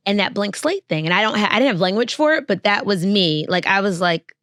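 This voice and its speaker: A woman co-hosting a podcast, telling stories in a slangy, animated way. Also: mid-range voice, a little fast, hardly any pauses, no room sound, studio quality. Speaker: podcast co-host. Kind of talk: casual chat.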